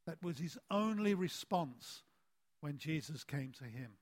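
High-voiced, slow-speaking male preacher. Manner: deliberate, with emphatic phrase endings that fall soft; animated storytelling with a rising voice. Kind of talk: sermon.

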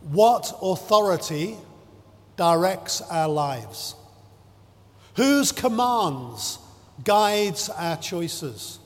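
A man preaching a sermon in a measured, emphatic way, drawing out his phrases and stressing key words. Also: high voice, sing-song. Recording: long hall reverb.

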